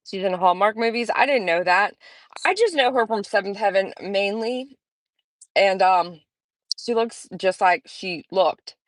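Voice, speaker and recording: A woman of middling pitch hosts a casual live stream and chats along in a rambling, friendly way. She stops to greet viewers by name. Her voice is dry and close, with almost no room sound. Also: a little slow, no room sound. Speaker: livestream host.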